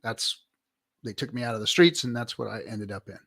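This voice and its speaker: A man's voice: medium pitch, expressive, fairly quick, vocal fry, fairly bright tone. A man in a casual livestream debate, explaining his view emphatically and step by step.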